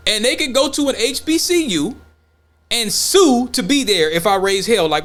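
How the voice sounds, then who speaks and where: Animated blunt man with a high voice. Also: normal speed. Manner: animated, acts out imagined dialogues; blunt, profane. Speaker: podcast co-host. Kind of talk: casual opinion talk.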